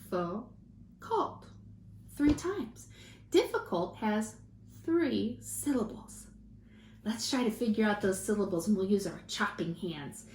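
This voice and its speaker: A woman teaching a children's phonics lesson, slowly and encouragingly drawing out each word for her students to repeat. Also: medium pitch, a little mellow. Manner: slow, encouraging, drawn-out word modeling. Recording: echoey room with faint hiss.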